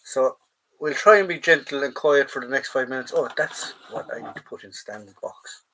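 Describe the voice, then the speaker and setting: Against a noisy background, an Irish man chats in a casual, rambling way on his live collectibles stream, calling his viewers lads as he goes through a drawer at home. He has a mid-range voice at a moderate pace.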